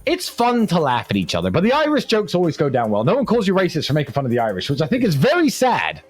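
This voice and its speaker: A man's voice: on the high side, wildly swooping pitch, fast, faint music behind. A man hosting a livestream, joking and teasing in casual banter. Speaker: livestream host.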